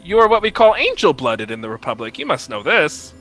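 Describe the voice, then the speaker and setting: A man's voice: on the high side, very animated, a little fast, a bit bright, soft background music, voice pushed up, rough recording. A man doing a rambling young prince. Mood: casual. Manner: rambling, self-important storytelling. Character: young human prince, freshly uncursed, boastful.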